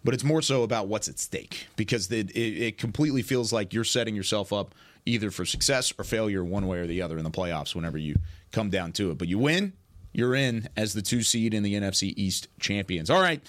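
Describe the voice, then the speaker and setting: A man hosting a sports radio show, talking in a relaxed, conversational way. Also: fairly low pitch, a little fast, no room sound. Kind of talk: casual sports talk.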